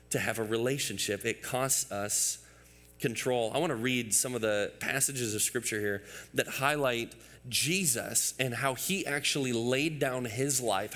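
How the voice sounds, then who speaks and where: A man's voice: medium pitch, sharp tone, big-room sound. A man in his thirties preaching a sermon as pastor, emphatic and building through repeated phrases, with asides to the congregation.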